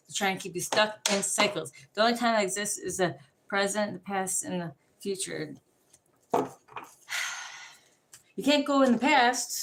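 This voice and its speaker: A woman ranting casually to the camera, profane and rambling, telling animated stories. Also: mid-range voice, noisy background.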